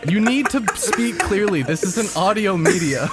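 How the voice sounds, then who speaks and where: A man's voice: sits high, sing-song, normal speed, loud music behind the voice. A man co-hosting a casual comedy podcast, sarcastic and exasperated, swearing a lot. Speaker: podcast co-host.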